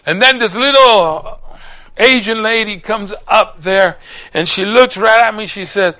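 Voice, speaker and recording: An older man preaching a sermon, telling a personal story and building up to loud calls to his listeners. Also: high-pitched, measured pace. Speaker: pastor.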